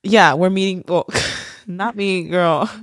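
A woman's voice: on the low side, takes it slowly, dry recording. Woman co-host, tired and rambling, studio mic with a dry, close sound. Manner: chatty, rambling, says "like" and "girl" a lot. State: tired, half asleep. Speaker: podcast co-host. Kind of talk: casual chat.

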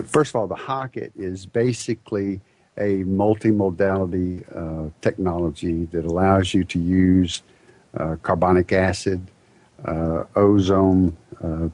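A man being interviewed as a company owner on a talk show, relaxed with some fillers. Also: deep voice, no echo. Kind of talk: casual interview. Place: studio.

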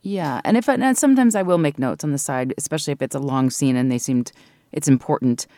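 A woman's voice: a bass voice, lively intonation, quick pace, mellow, no echo. A woman audiobook narrator talking in an interview, explaining her craft thoughtfully and laughing easily, speaking from her recording booth at a studio mic. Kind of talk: interview conversation. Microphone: studio microphone.

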